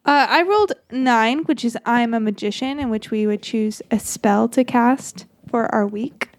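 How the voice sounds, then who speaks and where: Woman host, fairly high voice, upbeat, leads the segment. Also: unhurried. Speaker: podcast host running a game segment. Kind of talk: casual chat.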